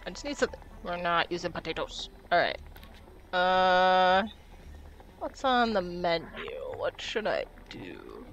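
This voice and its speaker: A woman's voice: lowish voice, very animated, measured pace, highs cut off, a little hiss or hum. A woman streaming a video game, chatting casually and muttering to herself as she plays. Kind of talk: casual gaming stream commentary.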